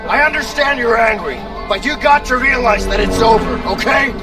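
A guilty undercover cop in a game cutscene, pleading and trying to calm a furious partner. The voice is lively in pitch and heard from a distance beneath loud music. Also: male voice, normal speed. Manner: placating, pleading. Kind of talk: video game cutscene acting.

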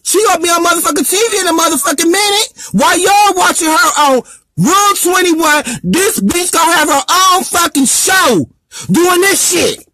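A man's voice: extremely high pitch, expressive, moderate pace, bright, forceful tone, no echo, studio quality. A male comedian ranting on a live stream, brash and profane, slipping into a sing-song, preaching delivery.

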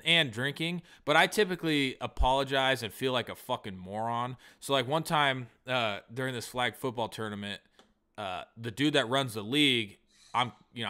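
A man co-hosting a comedy podcast, telling a long profane story in a casual, animated way. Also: on the low side, clear, resonant tone. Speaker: podcast co-host.

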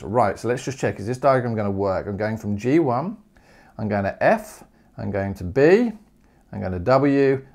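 A man teaching maths in a humorous video lesson, jokey and animated, firing off rhetorical questions. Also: mid-range voice.

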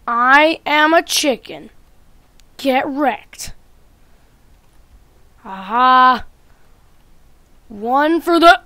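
A female gaming YouTuber with a high, bright-sitting voice and lively intonation teases other players during her gameplay commentary. She speaks slowly with long pauses, swinging from loud taunts to quiet muttering. The sound is dry and close, with no room sound.

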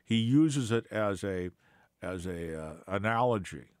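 A man's voice: on the low side, animated, measured pace, a little mellow, no room sound, studio quality. A man giving an unscripted Bible teaching, hesitant with many fillers and restarts, then pressing points with scornful emphasis.

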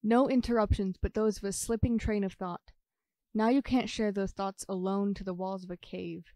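A woman's voice: mid-range voice, fairly even intonation, moderate pace, no echo, clean studio sound, lightly acted. A woman doing a wistful, probing inner voice. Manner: questioning, shifting between soft and pressing. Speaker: stage actor. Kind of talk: experimental theater monologue.

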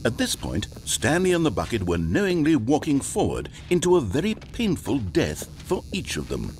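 An actor playing a wry, omniscient male game narrator, speaking in measured, mock-grave tones. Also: mid-range voice, wildly swooping pitch, noisy background.

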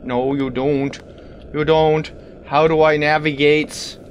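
A man giving let's-play commentary on a game, animated and talking back to the things on screen with sudden exclamations. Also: fairly high pitch, slow pace, a little hiss or hum. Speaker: gaming video creator.

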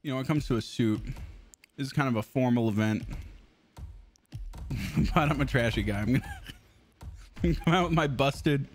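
A man's voice: mid-range voice, moderate pace, long pauses, soft background music. A man streaming a video game, chatting casually, swearing freely and laughing often. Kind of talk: casual live-stream chat.

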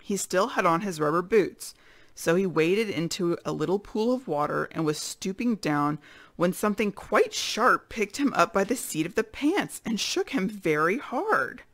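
A woman reading a children's chapter book aloud with expressive storytelling. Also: mid-range voice, moderate pace, no echo. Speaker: read-aloud narrator.

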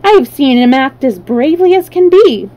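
A woman's voice: sits high, big pitch swings, normal speed, dark tone, muffled recording, pitched above the performer's own voice. A woman voicing a kind, well-mannered little girl who scolds her friend primly. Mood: sincere. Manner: prim, reproving.

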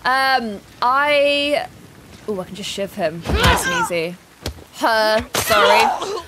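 A woman's voice: on the high side, big pitch swings, takes it slowly, very noisy. A woman streaming a game live, chatting casually, reading in-game notes aloud and greeting viewers in chat. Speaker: gaming streamer.

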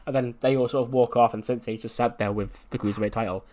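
A man casually narrating a wrestling sim playthrough at a middle pitch. He talks loosely, with plenty of fillers. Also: steady tone, fast talker, hardly any pauses, a little mellow. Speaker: game commentator.

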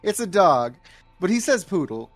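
A man's voice: sits high, sing-song, normal speed, no echo, faint music behind. A man co-hosting a casual movie podcast, recapping scenes in a laid-back way with some swearing. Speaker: podcast co-host. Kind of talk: casual movie review chat.

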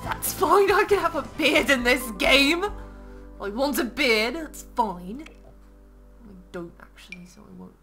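A woman as a haughty young boy earl in cosplay role-play over a game. The voice sits a little high and swings widely, bossy and dry with sudden laughing shouts. Game music plays clearly behind. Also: lively intonation, unhurried, heavily acted. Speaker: gaming channel host.

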